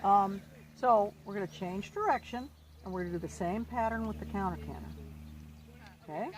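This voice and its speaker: Calm encouraging woman coaching outdoors. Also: mid-range voice, normal speed, noisy background. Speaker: riding instructor. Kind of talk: outdoor riding lesson coaching. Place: outdoor riding arena.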